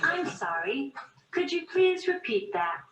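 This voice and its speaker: A woman voicing a polite female speech-recognition lift that repeats calm, evenly spoken prompts. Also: high voice, takes it slowly, exaggerated voice. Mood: patient. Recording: dull, roomy clip sound from off-mic.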